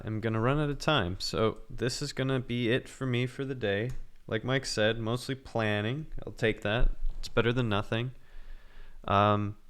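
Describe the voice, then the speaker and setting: A man's voice: fairly low pitch, a bit bright, clean tone. A man livestreaming his programming work, thinking aloud in casual commentary and muttering as he goes.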